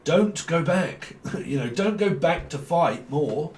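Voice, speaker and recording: A man's voice: on the high side, animated, slow pace, a little mellow. A man, a tarot reader talking casually to viewers in a blunt, rambling, teasing way, swearing freely and laughing often. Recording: echoey room with faint ambient noise.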